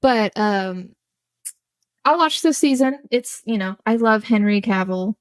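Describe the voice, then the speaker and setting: A woman's voice: on the high side, animated, measured pace, clear, resonant tone, dry recording. A woman co-hosting a podcast in casual chat, talkative and laughing often, drifting into tangents. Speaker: podcast co-host.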